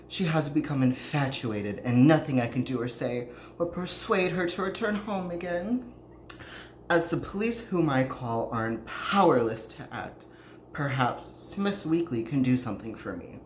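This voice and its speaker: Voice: mid-range voice, natural voice. A podcaster voicing a distraught, anxious 1930s mother pleading to get her daughter back. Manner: theatrical pleading read with a put-on accent. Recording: roomy echo, faint noise.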